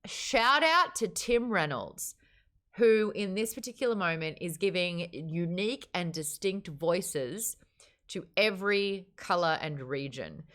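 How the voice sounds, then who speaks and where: A book club host with a lower-pitched voice that swings wide with excitement. She talks in a loose, casual way, swearing freely and laughing often. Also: measured pace. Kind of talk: casual chat.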